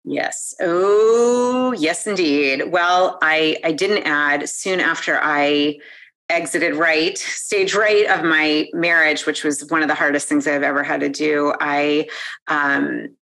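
A woman in her forties, a guest in an interview, talking in an animated, excitable way. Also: low-pitched. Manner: animated and excitable, quick to laugh. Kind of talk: conversational interview.

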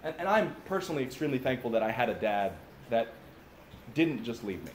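A man's voice: medium pitch, sing-song, fairly quick, slight background noise. A man giving an informal, conversational sermon, talking straight to his listeners with asides. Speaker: pastor. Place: father-son camp gathering. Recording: echoey room, faint background ambience.

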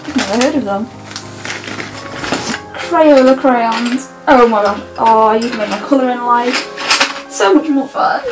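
A young woman vlogging as she opens her mail, gushing and excitable, with a lot of "oh my gosh". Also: on the high side, slow, pauses often, over music, low-quality recording. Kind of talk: casual mail-opening vlog.

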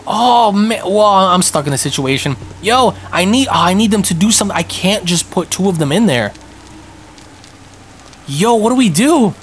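A young man giving live commentary on a multiplayer game, excitable and panicky, yelping and throwing in a lot of slang. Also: sits high, normal speed, slight background noise. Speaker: gaming streamer.

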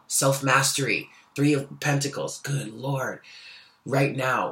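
A man giving a daily tarot card reading, reading card texts aloud and breaking into excited asides. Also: medium pitch, slow pace. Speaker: tarot reader.

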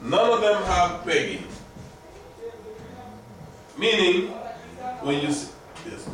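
A man's voice: high-pitched, animated, takes it slowly, far from the mic, a crowd in the background. A man teaching a language class, patiently drilling words aloud and quizzing his students. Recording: echoey classroom recorded from afar, background noise.

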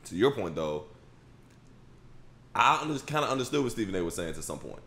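Deep-voiced young man talking hoops. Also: big pitch swings, a bit bright, slightly rough. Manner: deliberate, keeps saying "like I said". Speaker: podcast co-host. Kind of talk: casual sports debate.

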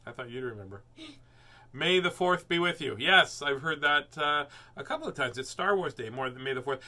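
Pitched on the high side, this man's voice sounds pushed and bright, with lively intonation at a normal speed. He's hosting a live children's book reading, filling the gaps between pages with jokey, rambling chatter, silly sounds and many fillers.

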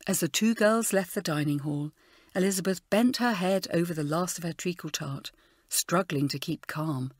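A woman narrating a children's storybook in an expressive, animated way. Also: lowish voice, moderate pace, dry recording, studio quality. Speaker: audiobook narrator.

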